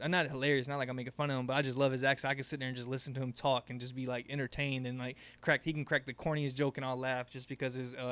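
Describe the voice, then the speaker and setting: Male stream host, casual and rambling, loose with profanity; smooth, resonant mid-pitched voice. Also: a bit bright, dry recording. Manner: laid-back, rambling, swears freely, laughs often. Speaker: livestream host. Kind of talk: casual live Q&A chat.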